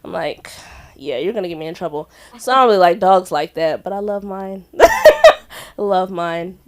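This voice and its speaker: A young woman on a comedy club stage, telling a rambling story with a giggly, animated energy. Her pitch swings high and low as she acts out other people's voices loudly. It sounds like a casual open-mic set. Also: normal speed. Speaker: stand-up comic at open mic. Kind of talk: stand-up storytelling.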